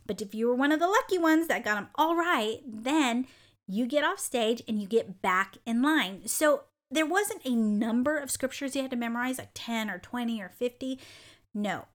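A woman hosts her own podcast and tells a personal story in an animated, bubbly manner, often breaking into laughter. Her voice sits a little high, and she keeps a warm, chatty storytelling flow throughout. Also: moderate pace. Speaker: podcast host. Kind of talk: casual storytelling monologue.

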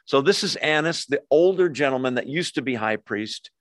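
A man's voice: mid-range voice, lively intonation, normal speed, no echo, studio quality. A man leading a Bible study, teaching verse by verse in a conversational way, with frequent asides and self-corrections.

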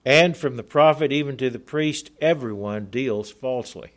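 A man preaching a sermon in a middle-pitched voice. He reads scripture passages and explains them earnestly, leaning on key words and slowing down for emphasis. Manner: earnest, emphatic, slows for stress.

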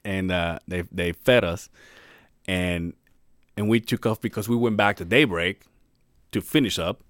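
A man's voice: low voice, unhurried, no room sound, clean studio sound. A man co-hosting a podcast, telling a work story in casual, profane chat. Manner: profane, animated, swears a lot. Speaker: podcast co-host; construction worker.

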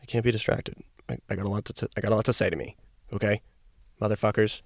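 Young guy podcasting alone in his parked car, low gravelly voice, chatty and swears a lot. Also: steady tone, fairly quick, long pauses, no room sound, clean studio sound. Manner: loose, chatty, swears freely. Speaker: podcast host. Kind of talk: casual solo podcast rambling. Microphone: podcast microphone.

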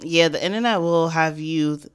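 A woman in casual podcast chat, telling stories in a relaxed way and acting out what others said. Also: low voice, moderate pace, smooth. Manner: relaxed storytelling, acts out quoted lines.

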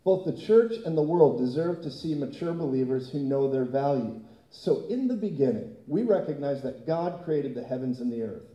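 A man preaching a sermon as pastor, telling an animated story and often laughing. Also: mid-range voice, normal speed, hardly any pauses, reverberant, low-quality recording.

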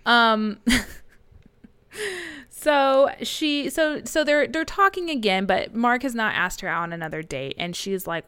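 A woman's voice: on the high side, unhurried, fairly bright tone, smooth, no room sound. A woman co-hosting a book podcast, casually recapping the plot with fillers and frequent laughter. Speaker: podcast co-host.

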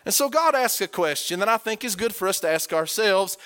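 A man preaching a sermon, animated and emphatic, rising to forceful peaks as he drives his points home. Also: sits high, a little fast, smooth.

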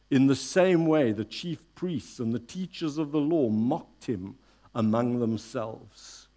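A man preaching a sermon, reading scripture aloud in a deliberate, dramatic way before leading a prayer. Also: fairly high pitch, lively intonation, darkish tone. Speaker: pastor.

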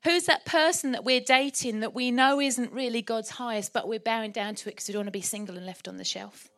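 A woman delivering a sermon in church, lively, humorous and animated. Her voice sits high and has a bright edge, and it keeps the congregation engaged. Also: a little fast. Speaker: preacher.

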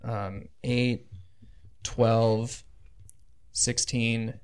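A man's voice: mid-range voice, little pitch movement, very slow, darkish tone, clean tone. Man running a tabletop game. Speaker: game master.

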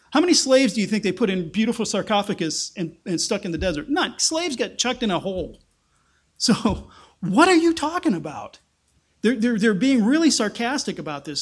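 A man preaching a sermon in a conversational way, with sarcastic asides and rhetorical questions. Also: high-pitched. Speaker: pastor.

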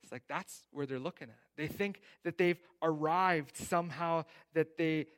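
A man delivering a sermon, his voice sitting a little high for a man. He talks in a conversational way, throwing in rhetorical questions, and his voice swells on emphasis before falling quiet at the end of a thought. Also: normal speed. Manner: conversational preaching with frequent "right?" and rhetorical questions; rises loud on emphasis, drops soft at line ends. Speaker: pastor.

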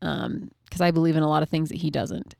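A woman's voice: sits low, fast, vocal fry, mellow, no echo, studio quality. A middle-aged woman telling a personal parenting story in a candid, emotional way, with lots of casual fillers. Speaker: mother sharing a parenting story.

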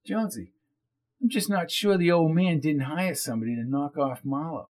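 A man voicing a blunt, gruff streetwise character in an audiobook. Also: fairly high pitch, normal speed, a little mellow, lightly acted.

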